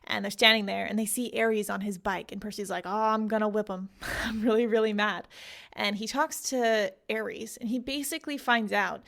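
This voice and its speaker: A woman's voice: on the high side, creaky, a bit bright. A woman hosting a podcast, recapping a book in a casual, giggly way with lots of "like". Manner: chatty, giggly, heavy use of "like". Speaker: podcast host.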